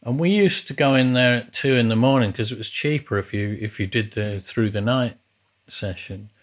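A man's voice: mid-range voice, moderate pace. A man hosting a podcast, telling rambling, casual stories about his early life as a musician. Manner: rambling, with frequent restarts. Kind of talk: casual storytelling.

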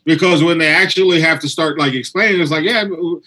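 Comedian guy, kinda high and bright voice, acting out convos while he talks. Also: fairly quick, low-quality recording. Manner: animated, acts out quoted exchanges. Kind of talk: casual podcast chat.

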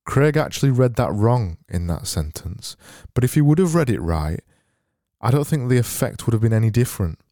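Deadpan man, low voice. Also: no echo, studio quality. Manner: deadpan, rambling, self-mocking. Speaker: podcast host. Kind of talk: comedic solo podcast monologue. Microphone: boom-arm podcast mic.

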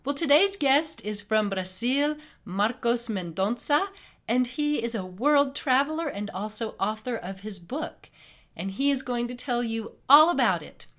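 A woman's voice: on the high side, expressive, measured pace, fairly bright tone. A woman hosting a podcast interview, upbeat and emphatic, who laughs often. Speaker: podcast host.

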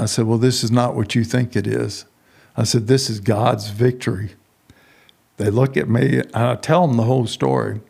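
Gravelly-voiced man telling a story. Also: mid-range voice. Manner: animated storyteller acting out quoted voices. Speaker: prison ministry founder, guest. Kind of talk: storytelling in an interview.

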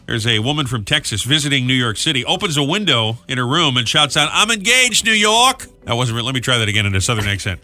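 Guy hosting morning radio, super bright voice, always joking around. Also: medium pitch, expressive. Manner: teasing, jokey, quick to riff.

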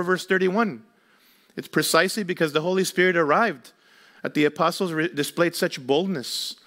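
High-voiced man preaching a sermon. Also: bright, forceful tone. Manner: emphatic preaching with rhetorical questions. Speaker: pastor.

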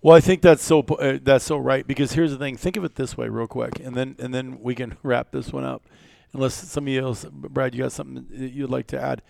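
A man hosting a casual podcast, telling a story in a blunt, profane, animated way. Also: medium pitch, a little fast, creaky, dry recording. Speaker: podcast host.

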